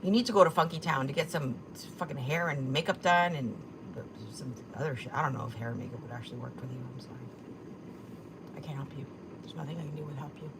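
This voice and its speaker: In a very noisy recording, a low-voiced Korean woman talks fast while hosting a casual livestream. She reads her chat aloud, mocking the comments with plenty of sass and swearing.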